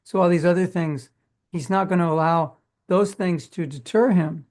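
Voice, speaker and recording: A man's voice: high voice, normal speed, darkish tone. An older man giving an informal spiritual class, talking conversationally, acting out imagined dialogue and asking his listeners questions. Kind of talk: informal sermon. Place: class at a community temple.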